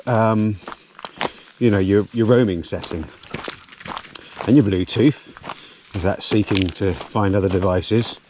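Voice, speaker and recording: A man's voice: lowish voice, noisy background. Chatty man vlogging a hike. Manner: chatty, easily amazed, frequent ums. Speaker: vlogger hiking with his dog. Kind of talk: casual walking vlog narration. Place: outdoors on a gorge hiking trail.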